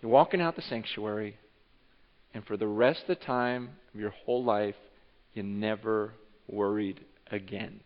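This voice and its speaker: Man, pastor, sermon, animated, acts out voices, echoing sanctuary, muffled recording. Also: fairly low pitch, a little slow. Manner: animated, acts out imagined speech of listeners. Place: church sanctuary.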